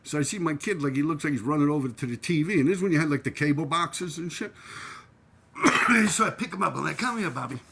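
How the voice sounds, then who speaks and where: A middle-aged New Yorker, a channel host and former graffiti writer, tells casual, profane stories from his graffiti days, sprinkling in "man" and "yo" and laughing at his own tales. His voice is fairly high, fast, a bit bright and husky, with vocal fry, and his manner is streetwise.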